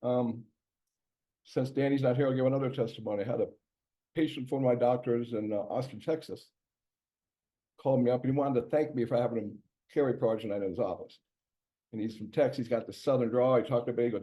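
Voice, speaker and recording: A man's voice: mid-range voice, steady tone, a little fast, warm tone. A man, a doctor, giving a casual health presentation in a conversational way, with many fillers and restarts. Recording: dull lo-fi recording.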